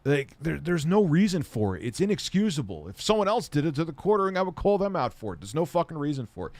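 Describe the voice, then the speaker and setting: A man's voice: on the high side, very animated, quick pace, a little mellow, no echo. Blunt, profane man on a dry mic. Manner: blunt, rambling, heated and profane. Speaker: tech YouTuber answering viewer questions. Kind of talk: casual live-stream chat.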